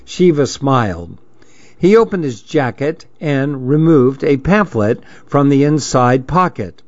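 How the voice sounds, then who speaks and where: Male audiobook narrator, mid pitch, dull lo-fi sound. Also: animated, measured pace, dry recording. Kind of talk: scripted story narration. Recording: dry, dull lo-fi recording.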